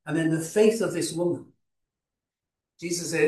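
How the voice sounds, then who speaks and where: Man, sermon, unhurried with restarts, a bit high, echoey room. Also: darkish tone, distant mic. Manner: unhurried, with frequent restarts and fillers. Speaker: preacher. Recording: roomy hall, voice from off-mic.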